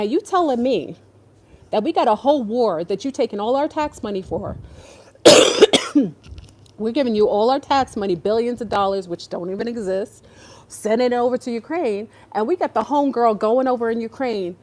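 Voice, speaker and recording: Animated, exasperated woman ranting. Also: a little high, moderate pace. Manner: animated, exasperated and sarcastic, with mocking put-on voices. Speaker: podcast host. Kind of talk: casual ranting commentary.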